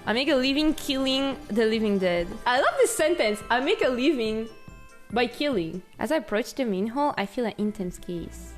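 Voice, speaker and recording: A woman with a fairly high voice is live-streaming a game and reading its text aloud. She giggles and bursts into excited outbursts, and her pitch swings widely. Faint game music plays behind her. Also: moderate pace. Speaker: VTuber streamer.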